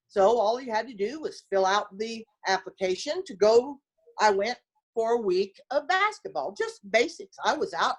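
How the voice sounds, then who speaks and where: An older woman telling stories in a casual interview, acting out what people said and laughing as she goes. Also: mid-range voice. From small-town United States. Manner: animated storyteller who acts out quoted voices and laughs often. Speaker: former basketball player, interview guest.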